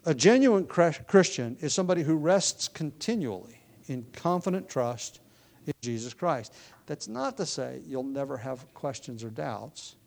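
A man giving an expository sermon, teaching in a measured, explanatory way with occasional restarts. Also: fairly high pitch, animated, vocal fry, darkish tone. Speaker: preacher.

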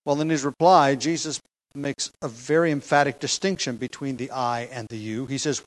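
A man's voice: mid-range voice, steady tone, normal speed, poor audio. A man preaching an expository sermon, explaining a text with emphasis, occasional fillers and light chuckles.

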